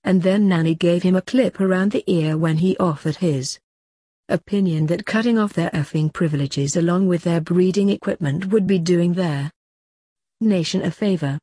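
A woman's voice: on the low side, normal speed, dark tone, breathy edge, dry recording, clean studio sound. A woman doing a gloomy, moaning teddy bear. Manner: mournful, moaning.

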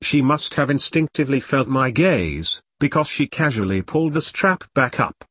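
A man reads a long detective story in a husky, breathy voice with a lively rise and fall. The sound is close and dry, with no room around it. He reads the punctuation aloud as words. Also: mid-range voice, normal speed, hardly any pauses, dry recording. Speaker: reader. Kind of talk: machine-read story narration.

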